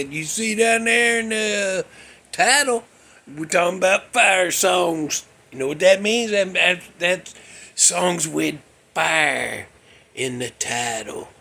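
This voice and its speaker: A man's voice: high-pitched, expressive, slow, creaky, pushed and bright. A man, hosting a casual show from his garage, telling rambling folksy stories with frequent chuckles and restarts. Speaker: podcast host.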